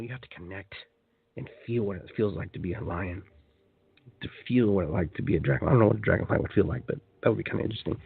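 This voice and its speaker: A man's voice: fairly low pitch, gravelly, breathy edge, no echo. A man hosting a live call-in radio show, chatting with enthusiasm and guiding listeners through a meditation, with lots of repeats and restarts. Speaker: radio show host and shamanic guide. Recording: tinny phone-line sound.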